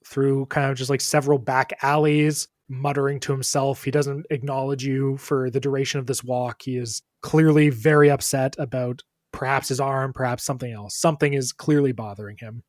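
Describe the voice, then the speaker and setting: A man narrating as dungeon master, relaxed and conversational, with plenty of "uh" and "like". His voice sits mid-range for a man. The mic sounds close and dry. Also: medium pitch, moderate pace, dry recording. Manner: relaxed, conversational, filler-heavy. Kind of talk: narrating a tabletop game.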